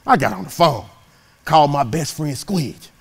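A man giving a motivational speech through storytelling, animated and dramatic, swinging from loud peaks to hushed asides. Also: fairly high pitch, normal speed, gravelly, breathy edge. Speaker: motivational keynote speaker.

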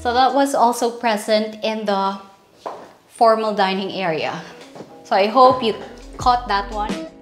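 A woman's voice: mid-range voice, unhurried, pauses often, over music. A woman with a Filipino accent hosting a casual house tour, chatty and playful, joking with her viewers as she walks room to room. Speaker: real estate house tour host. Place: inside a large house, walking room to room.

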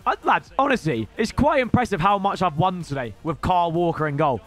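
Excitable young British man streaming gameplay. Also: high voice, brisk, hardly any pauses, soft background music. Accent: British English. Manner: excitable, shouty, banters with chat. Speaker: gaming streamer. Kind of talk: live gameplay commentary.

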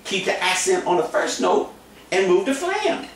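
High-pitched and swinging widely in pitch, a man speaking at normal speed plays the clown as a drum teacher in a comedic, casual lesson. His talk is goofy and mock-boastful, with phrases repeated over and over, heard from a distance in a very echoey room with faint noise behind.

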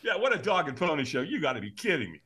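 Animated man telling a lively story. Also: fairly high pitch, fast talker, breathy edge. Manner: lively, acts out voices in his stories, laughs often. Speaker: podcast guest.

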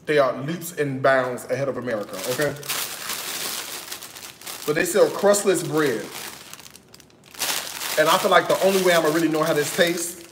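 A man's voice: fairly high pitch, normal speed, long pauses, echoey room, background noise. A man from Chicago, chatting playfully to viewers as he cooks in his kitchen. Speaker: home cooking vlogger. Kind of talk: casual cooking vlog chat.

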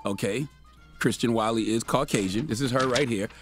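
A man's voice: mid-range voice, a little fast, music in the background. A man co-hosting a morning radio show, telling a news story as a playful, mocking comedy bit into a studio microphone.

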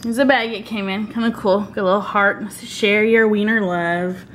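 A woman's voice: mid-range voice, fairly even intonation, moderate pace, a bit bright, slight background noise. A woman chatting casually in a vlog, bubbly and giggly, with sing-song asides while driving. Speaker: vlogger. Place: in a car, driving.

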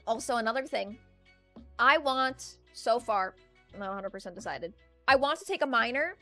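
A woman's voice: on the high side, lively intonation, moderate pace, bright, forceful tone. A young adult woman streaming from home, chatting casually in a ranting, talkative way and laughing often. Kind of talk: casual chat. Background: faint music playlist.

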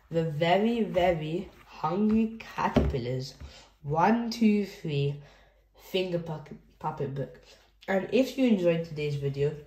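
Woman, reading picture books aloud to children, slow and sing-song, slightly low voice, echoey room. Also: dark tone. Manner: slow, sing-song, addresses young listeners. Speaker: children's book reader.

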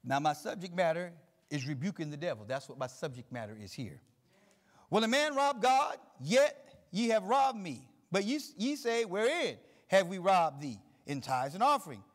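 A middle-aged male pastor preaching a sermon, reading scripture slowly and building emphasis through repetition. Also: high-pitched, big pitch swings.

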